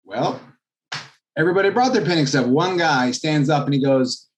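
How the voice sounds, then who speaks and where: A man's slightly raised voice carries a lively, drawn-out anecdote. He speaks as a real estate agent and guest in a podcast interview. His manner is that of a natural storyteller. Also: fairly high pitch. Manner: animated anecdote telling, acts out quoted voices.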